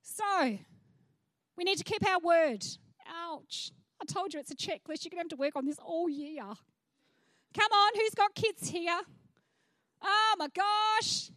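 Aussie woman pastor preaching, really high voice, dry close sound, chatty with side comments. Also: lively intonation, moderate pace, a bit bright, dry recording. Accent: Australian. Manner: chatty preacher with frank asides. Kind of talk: sermon. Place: church stage.

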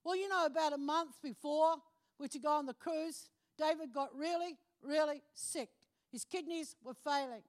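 A woman's voice: high-pitched, normal speed. A middle-aged woman preaching a personal testimony, telling her story with animation, acting out phone calls in other voices and often breaking into laughter. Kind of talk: testimony from the pulpit.

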